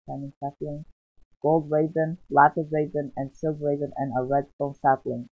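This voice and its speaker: A man hosting his gaming channel, giving casual, rambling commentary over his gameplay and often exclaiming with excitement. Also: mid-range voice, normal speed, husky, no room sound. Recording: dull lo-fi sound. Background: faint background music.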